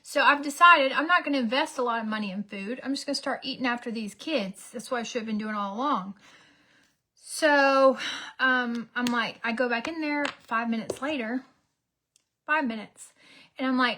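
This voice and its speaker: A woman, telling a story as a casual get-ready-with-me vlog, dramatic and animated, sometimes dropping to a whisper. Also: fairly high pitch, normal speed. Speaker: beauty vlogger.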